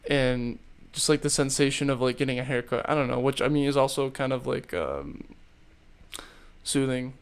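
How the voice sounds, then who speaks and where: A young man talks loosely on his podcast, circling his point with fillers and restarts. His voice sits at an everyday middle pitch. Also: moderate pace, clear, resonant tone. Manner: rambling, many fillers. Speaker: podcast host. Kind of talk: casual chat.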